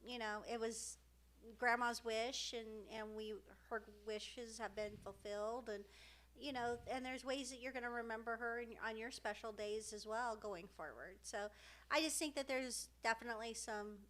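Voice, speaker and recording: A middle-aged woman with a fairly high voice co-hosts a casual, heartfelt podcast. She speaks emotionally, often pausing and restarting, and fills the gaps with soft fillers, though her intonation stays fairly even.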